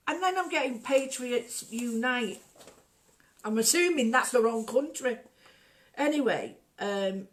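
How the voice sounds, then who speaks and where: A middle-aged woman talks through an art project in a loose, casual way. She is chatty and jokey and wanders off into stories. Her voice sits at an ordinary middle pitch for a woman. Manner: chatty, digressive, jokey storyteller. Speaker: art workshop host.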